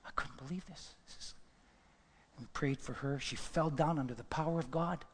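A man preaching a sermon and telling a story, swinging between loud exclamations and hushed whispers. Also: fairly high pitch, moderate pace, a little hiss or hum. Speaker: pastor. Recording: long hall reverb.

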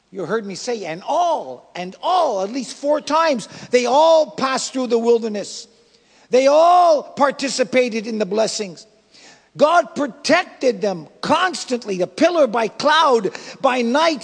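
Male pastor, very high voice, dynamic emphatic preaching, long church reverb. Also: animated, measured pace, vocal fry. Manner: emphatic preaching with sudden loud and soft swings. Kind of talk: sermon. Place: church sanctuary.

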